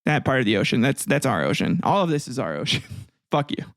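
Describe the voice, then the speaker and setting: A man's voice: medium pitch, big pitch swings, brisk, no echo, studio quality, pitched below the performer's own voice. A man doing a smug, dismissive British official.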